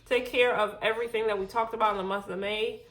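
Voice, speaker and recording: A woman's voice: medium pitch, steady tone, fast talker, a bit bright, a little hiss or hum. A woman giving a casual spiritual tarot reading, out of breath, reassuring and often correcting herself. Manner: reassuring, repeats okay, self-corrects often. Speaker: tarot reader.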